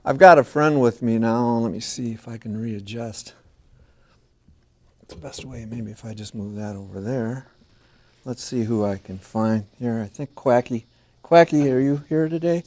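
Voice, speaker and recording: A man hosting a children's TV show in a small studio, singing and chatting playfully and gently with young viewers and a puppet duck. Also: medium pitch, normal speed. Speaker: children's TV host.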